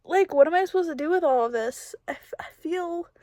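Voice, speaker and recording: A woman's voice: extremely high pitch, fairly quick, a little mellow, dry recording. A young woman reacting to a book in a casual reading vlog, gushing and exasperated by turns. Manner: gushing, exasperated, laughs and rants. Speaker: book vlogger.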